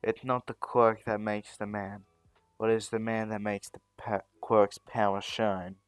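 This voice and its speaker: A man voicing a calm young male hero in a fan story, lecturing his foe in a steady, defiant way. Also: lowish voice, unhurried, clear, resonant tone, no room sound, faint music behind, natural voice.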